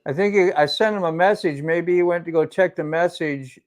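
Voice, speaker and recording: A man's voice: on the high side, a little fast. A man chatting on a group livestream, easygoing, asking how to do things on his phone. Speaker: livestream guest. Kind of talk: casual chat on a group livestream.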